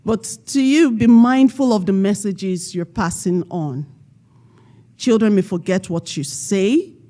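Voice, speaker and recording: A woman giving a motivational talk at a community event, quizzing the audience and leading them in call-and-response with slow, emphatic stress on key words. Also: mid-range voice, mellow. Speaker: panel speaker.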